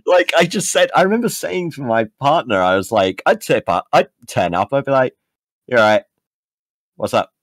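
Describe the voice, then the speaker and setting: A man's voice: mid-range voice, lively intonation, brisk, hardly any pauses, dry recording. A young English man with an English accent, co-hosting a casual podcast chat, laughing often and telling stories with animation. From England. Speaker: podcast co-host.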